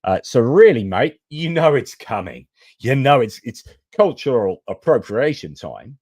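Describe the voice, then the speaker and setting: A man's voice: medium pitch, very animated, fast talker, darkish tone, dry recording, pitched above the performer's own voice. A man putting on a blustery mock-Australian bloke, full of exaggerated slang.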